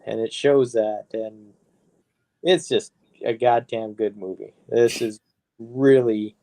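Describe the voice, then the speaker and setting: A man's voice: on the low side, slow pace, gravelly, dark tone. A man co-hosting a podcast, chatting casually and profanely about movies in a laid-back, rambling way. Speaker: podcast co-host.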